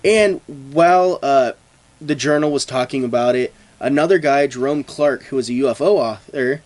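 A man's voice: medium pitch, moderate pace, darkish tone. A man co-hosting a casual podcast, reading story notes and joking around with imagined dialogue. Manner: jokey, playfully acts out imagined dialogue. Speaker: podcast co-host.

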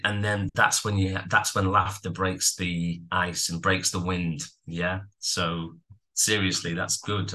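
A man co-hosting a casual music chat podcast. His voice is very bright and tense, a touch low in pitch. He rambles through stories with animated energy. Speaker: podcast co-host.

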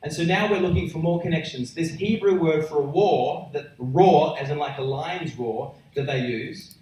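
Male preacher, somewhat high voice, booming sermon, heard from far off in a very echoey church hall. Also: normal speed, a little hiss or hum. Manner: emphatic, building to loud roaring peaks.

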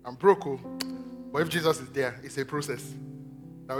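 Over music, a man delivers a lively sermon, swinging between loud exclamations and hushed asides while acting out the voices he quotes. His voice sits a little high and his pace is a little fast.

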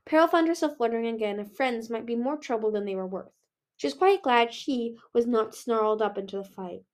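A woman reading a novel aloud in a steady way, with small slips. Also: a little high, a little fast. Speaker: reader. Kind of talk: audiobook reading.

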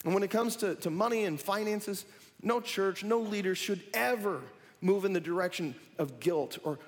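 Preaching man in a reverberant sanctuary. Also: on the high side. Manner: preaching with rising emphatic bursts, call-and-response questions. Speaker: pastor. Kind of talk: sermon. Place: church sanctuary.

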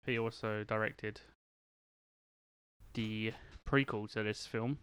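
A man's voice: lowish voice, fairly even intonation, slow, a bit bright, clean tone, no echo. A man co-hosting a casual podcast chat, teasing his co-host with dry jokes.

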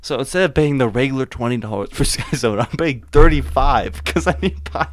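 A young man telling a story in casual podcast chat, laughing often and animated. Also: medium pitch, a little fast. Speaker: podcast guest.

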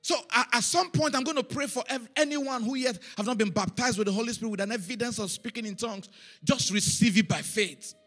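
A man preaching with a high, ringing, bright voice. He tells his story in an animated way, repeating phrases and chanting syllables for emphasis. Faint music plays softly behind him. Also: fairly quick. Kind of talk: sermon.

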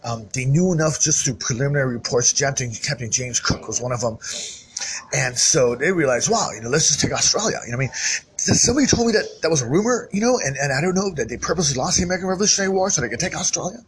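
A man's voice: on the high side, lively intonation, rapid-fire, slight background noise, rough recording. Rambling man in a loose solo monologue. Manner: rambling, full of fillers and restarts, repeats himself.

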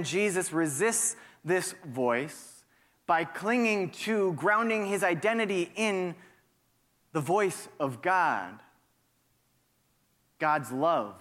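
A male pastor delivers a reflective sermon at an unhurried pace, and his voice sits on the high side. He poses rhetorical questions to his listeners. A long reverb carries his words through the sanctuary. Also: fairly bright tone.

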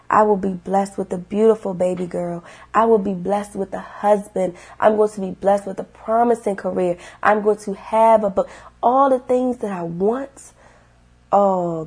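A young woman talking earnestly to her viewers about faith and getting through hard times, repeating herself and swinging from hushed to loud. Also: mid-range voice, husky. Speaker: vlogger. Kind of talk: emotional faith-filled vlog monologue.

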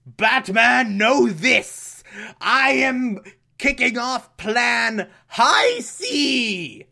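A man's voice: sits high, a little slow, vocal fry, sharp tone, exaggerated voice. A man doing a grandiose, vain villain. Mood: menacing. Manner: raised, theatrical and grand.

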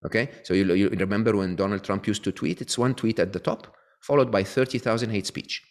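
A man's voice: fairly low pitch, steady tone, a little fast. A man being interviewed as an author, explaining his views and often checking in with "okay?" and restarting his sentences. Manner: frequent tag questions and restarts. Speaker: guest author.

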